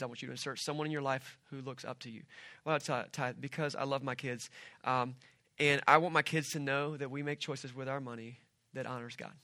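A middle-aged man preaches a sermon with a bright, clear tone. He talks in an animated, conversational way, full of stories and asides, and the sound is dry and close. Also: mid-range voice, no room sound. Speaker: pastor.

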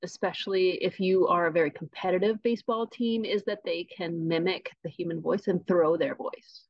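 A woman guesting on a podcast, telling tall tales about a mythical animal with a deadpan delivery. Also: fairly low pitch, normal speed, dry recording, lo-fi sound. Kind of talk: tongue-in-cheek podcast interview.

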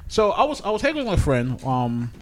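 A man tells a story on a casual podcast. His fairly high voice swings up and down as he talks. He laughs often and swears freely. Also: wildly swooping pitch, brisk, slight background noise. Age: 20s. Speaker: podcast co-host. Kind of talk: casual chat.

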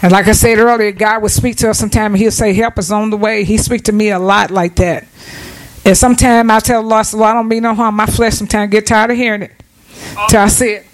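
A fast-talking woman with a medium-pitched, steady voice preaches a plain-spoken, folksy sermon, drawing amens from the churchgoers. The recording is rough.

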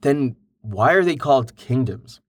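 A man voicing a curious, impatient young man who asks question after question in a slow, dry read. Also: mid-range voice, lively intonation, dry recording. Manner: inquisitive, exasperated questions.

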